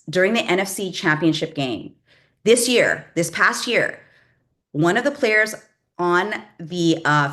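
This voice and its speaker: A woman's voice: fairly low pitch, fairly bright tone. A middle-aged woman from the Bay Area talking casually to an audience as a publishing coach, chatty and emphatic, with lots of "like". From Bay Area, California.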